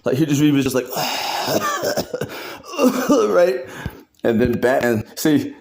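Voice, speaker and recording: A man narrates a comedy voiceover in a casual, laughing style, his pitch leaping all over the place. His talk is loose and full of slang and swearing. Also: huge pitch swings, drawn-out words, vocal fry.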